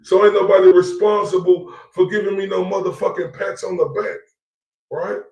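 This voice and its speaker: A man's voice: high-pitched, level tone, moderate pace, gravelly, darkish tone, far from the mic, muffled recording. A man streaming live, ranting defiantly with profanity and repetition. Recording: echoey room, away from the mic.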